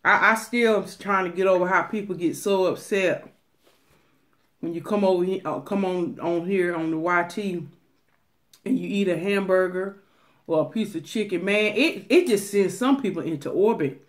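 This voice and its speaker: A woman's voice: on the low side, normal speed. Chatty woman vlogger. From Atlanta, USA. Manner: chatty, animated, drops into whispers at times. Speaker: mukbang vlogger. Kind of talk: casual chat to viewers.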